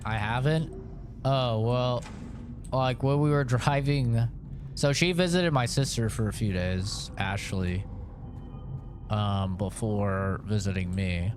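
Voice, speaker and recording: A man's voice: lowish voice, slow, noisy background. A man streaming a video game, rambling through a casual story with lots of fillers and swearing.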